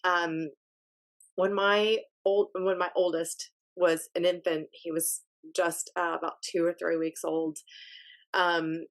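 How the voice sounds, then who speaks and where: A woman hosting a podcast, telling a personal story in a casual, animated and emphatic way. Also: fairly low pitch, slow pace. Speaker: podcast host.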